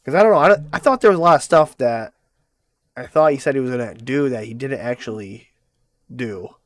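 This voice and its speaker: A man's voice: medium pitch, brisk, no room sound, studio quality. A male host rambling in casual chat, swearing and restarting his sentences often.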